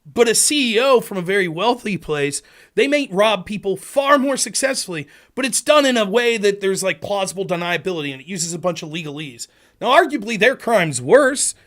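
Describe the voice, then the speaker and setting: A man's voice: high-pitched, lively intonation, normal speed, fairly bright tone. A man hosting a political livestream, talking in an argumentative monologue and acting out quoted back-and-forth exchanges. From Pennsylvania. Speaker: political talk show host.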